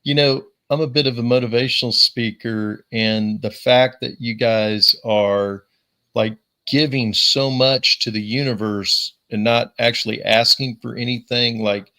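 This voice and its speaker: A man's voice: medium pitch, fairly even intonation, unhurried, sharp tone. A man hosting a podcast, enthusiastic and affirming in casual chat.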